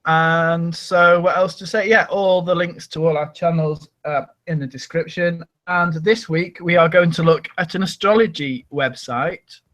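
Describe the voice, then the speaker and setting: A man's voice: fairly high pitch, steady tone, a little slow, hardly any pauses, fairly bright tone, rough recording. A man hosting a casual online group chat, chatty and self-mocking, with plenty of ums and laughs. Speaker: podcast host.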